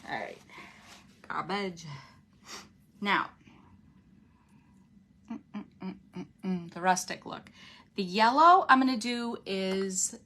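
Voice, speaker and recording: A woman's voice: mid-range voice, measured pace, pauses often, fairly bright tone. A woman with a runny nose, hosting a casual craft livestream, chatting with viewers as she works and laughing often.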